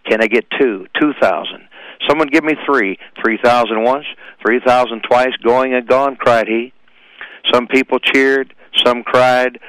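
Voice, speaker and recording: Man, mid pitch, impassioned speaker reciting verse, dry close sound. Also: a bit bright, dry recording, low-quality recording. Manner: dramatic, preacherly delivery. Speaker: speaker at high schools.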